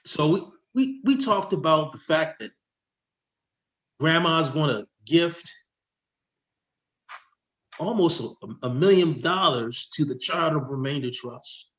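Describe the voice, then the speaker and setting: Tax guy gets all fired up explaining stuff, slightly high voice, roomy echo. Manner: excitable, rushing, self-interrupting. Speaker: tax expert guest. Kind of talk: explaining with slides. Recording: echoey room.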